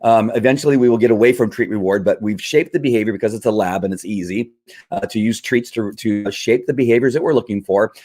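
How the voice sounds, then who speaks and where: A man's voice: fairly low pitch, fast, a little mellow. Chatty man teaching on a livestream. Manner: conversational, repetitive teaching, with fillers. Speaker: livestream host and dog trainer. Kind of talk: live-streamed explanatory chat.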